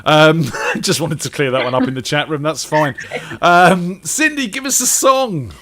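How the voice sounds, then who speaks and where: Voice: medium pitch, lively intonation, a little slow, fairly bright tone, slight background noise. A host on a casual chat show, teasing the others with dry jokes.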